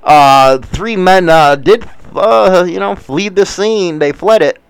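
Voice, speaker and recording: A man hosts a loose, casual live show, jumping between the news and crude, wisecracking rants. His voice is smooth and clear and sits a bit high. The sound is dry and close. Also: slow pace, no room sound. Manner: rambling, profane, wisecracking. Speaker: show host reading the news.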